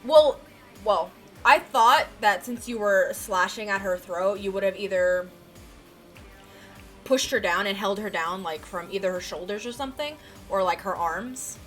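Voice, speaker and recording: A woman's voice: medium pitch, measured pace, faint music behind. A woman acting as game master for a tabletop role-playing session, chatty and giggly, sometimes losing track and swearing.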